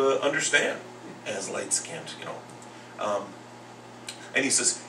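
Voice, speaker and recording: This host of a casual boxing talk show, who also teaches second grade, talks at medium pitch and normal speed. He tells stories animatedly, acting out what others said, in a recording with roomy echo, faint noise, and the mic set far away.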